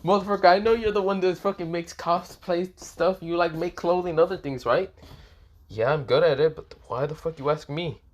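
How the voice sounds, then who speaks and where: A man's voice: on the high side, brisk, hardly any pauses, slightly rough, pitched above the performer's own voice. A man voicing Issei, a brash, foul-mouthed young male student who sounds annoyed and blunt. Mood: exasperated. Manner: swears constantly, blunt and annoyed.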